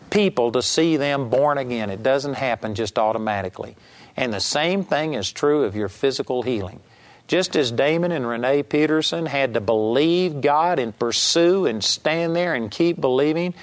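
Emphatic male Bible teacher. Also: mid-range voice. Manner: emphatic, repetitive exhortation. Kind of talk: sermon teaching.

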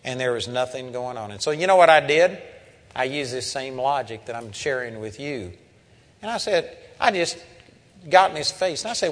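A man's voice: fairly high pitch, lively intonation, moderate pace, a bit bright. An older man preaching a sermon, telling a story and building to impassioned outbursts. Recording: hall reverb.

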